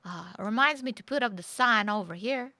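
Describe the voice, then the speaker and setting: A woman's voice: medium pitch, moderate pace, pushed and bright, no room sound. A woman streamer playing a chirpy saloon server in a Western game role-play, talking with a folksy drawl.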